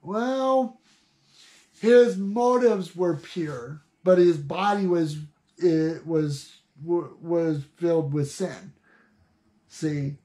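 A high-voiced man preaching slowly and haltingly over scripture, stopping often to restart his words. He reads the verses aloud and then talks them through in a plain, informal way. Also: dark tone. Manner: slow, halting, with many restarts and "see". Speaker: online Bible teacher. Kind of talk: informal Bible reading and preaching.

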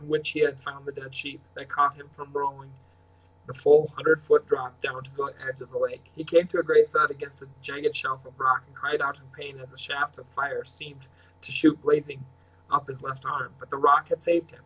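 A man reading a novel aloud in a measured way, often clearing his throat and restarting words. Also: fairly high pitch, fairly bright tone. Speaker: reader. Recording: distant mic.

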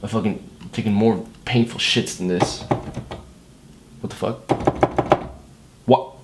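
A man making a beat against the clock in a comedic vlog, talking himself through it with loud, profane chatter and mock-dad jokes. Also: lowish voice, slow. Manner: hyper, profane self-talk while working; jokey mock-dad banter. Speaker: music producer. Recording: echoey room with steady noise.

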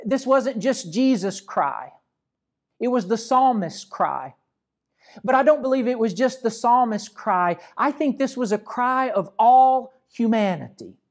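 A man from Arkansas, a pastor, giving a measured, reflective sermon and patiently explaining scripture. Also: very high-pitched, expressive.

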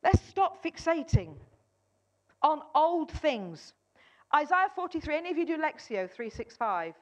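A woman preaching an energetic sermon at a church gathering, firing questions at the congregation and urging them to answer. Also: high-pitched, a little slow. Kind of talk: lively interactive sermon. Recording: dull lo-fi sound.

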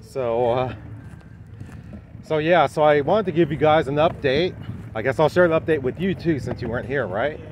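A man's voice: on the high side, normal speed, highs cut off, a little hiss or hum. Rambling man vlogging at a dog park. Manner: rambling, lots of "anyhow" and "uh". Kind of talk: casual vlog to camera.

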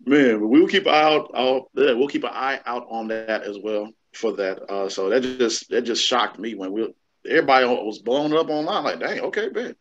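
A man's voice: medium pitch, moderate pace. A man, co-hosting a casual chat show in a laid-back, drawling way. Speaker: podcast co-host. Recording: dull lo-fi sound.

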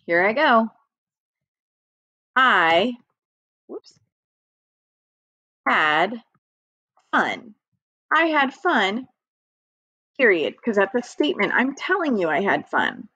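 A woman's voice: medium pitch, huge pitch swings, very slow, long pauses, bright, forceful tone, no room sound. A woman teaching an early-reading lesson to young children in a patient, encouraging way, speaking directly to her students. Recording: dry, slightly dull lo-fi audio.

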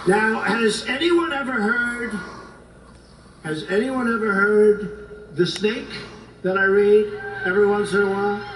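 A man's voice: high-pitched, a little slow, long pauses, a bit bright, slight background noise. A man giving a campaign speech at a rally, talking emphatically and repeating himself, then reading a poem aloud. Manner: repetitive, emphatic, asks the crowd questions. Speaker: political speaker at a rally. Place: large hall with a crowd. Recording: echoey hall, distant mic, faint crowd ambience.

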